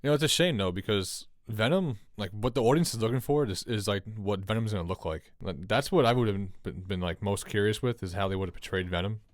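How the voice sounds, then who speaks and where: A man's voice: on the low side, fairly quick, hardly any pauses, no room sound, clean studio sound. A man co-hosting a podcast in casual chat, brash and swearing often. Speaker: podcast co-host.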